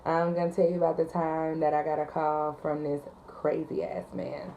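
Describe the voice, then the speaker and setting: Low-pitched female dispatcher, chatty storyteller, loose and conversational, lots of filler words. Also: monotone, moderate pace, warm tone, a little hiss or hum, rough recording. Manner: chatty, frequent ums and likes, laughs at her story. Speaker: 911 call taker and dispatcher. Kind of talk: casual storytime vlog.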